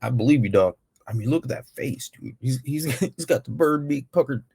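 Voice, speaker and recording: A low, gravelly man cracks jokes while reacting to a story video. His voice is dark and mellow with a husky edge, and his talk is full of slang. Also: expressive, moderate pace. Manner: joking slangy banter, says "dog" and "bro". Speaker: YouTube reaction host. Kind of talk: casual reaction commentary. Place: living room.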